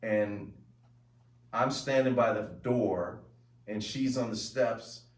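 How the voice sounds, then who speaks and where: A middle-aged man hosting a casual home show, telling stories in a lively, chatty way with plenty of fillers. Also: mid-range voice, takes it slowly. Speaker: host. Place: home room with family. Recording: echoey room, mic at a distance.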